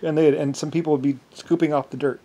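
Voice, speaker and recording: A man with a fairly high voice tells a long rambling monologue. He stops and restarts often, stacking fillers as he talks himself up in a grand, boastful way. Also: steady tone, mellow, slightly rough. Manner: halting, many restarts and fillers.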